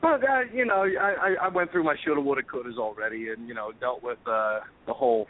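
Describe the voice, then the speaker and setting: A man's voice: medium pitch, animated, fast, hardly any pauses. A guest chef, a man with a mid-range voice, tells his stories candidly, swearing and restarting as he goes. The sound comes through thin and phone-like. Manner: candid, profane storyteller with frequent restarts. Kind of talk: casual chat.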